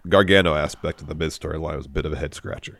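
A man with a low, deep voice talks casually as a podcast co-host, recapping events at an easy pace. The sound is dry and close, with no room echo. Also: racing, vocal fry. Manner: relaxed, recaps events with quoted lines. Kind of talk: casual chat recapping wrestling.

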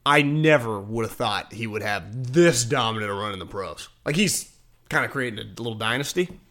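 A man talking casually about football, animated, swearing now and then and acting out quotes. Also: on the low side, moderate pace. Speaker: sports talk show host. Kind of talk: casual sports chat.

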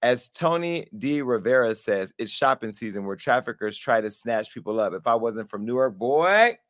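A man's voice: lowish voice, moderate pace. Joking talk show host, a man. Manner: joking, animated, laughs often. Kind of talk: casual chat.

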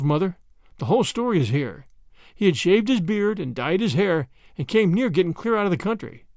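A man's voice: sits high, no echo, clean studio sound. A man voicing a grown son who speaks earnestly and matter-of-factly, in a storybook reading. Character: grave, dutiful grown son.

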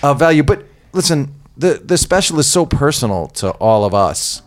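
A man with a Boston accent hosting a podcast in casual, animated interview chat, joking and affectionate with his guest. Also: fairly high pitch, moderate pace. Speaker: podcast host.

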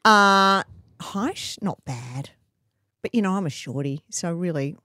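A woman co-hosting a casual chat with teasing, quick banter. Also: on the low side, lively intonation, bright, forceful tone, no room sound, studio quality. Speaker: podcast co-host.

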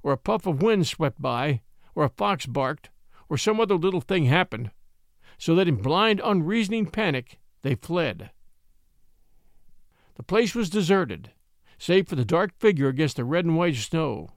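A man's voice: on the high side, very animated, measured pace, dry recording, clean studio sound. A man narrating a classic short story aloud and hosting a story podcast, reading dramatically. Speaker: audiobook narrator and podcast host.

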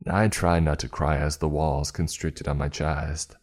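A man narrating a first-person story in a measured, tense storytelling manner. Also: very deep voice, level tone, darkish tone.

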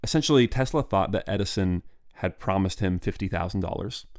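A man's voice: low voice, expressive, a little fast, darkish tone. A man hosting a podcast, telling history in a loose, digressive, stream-of-consciousness way. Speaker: podcast host. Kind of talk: casual solo history narration.

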